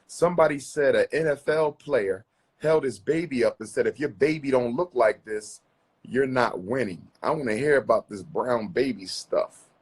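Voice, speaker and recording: A man's voice: mid-range voice, moderate pace, husky. A man hosting a live call-in stream, talking casually and emphatically with his callers. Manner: emphatic, calls callers queen. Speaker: live talk show host taking callers.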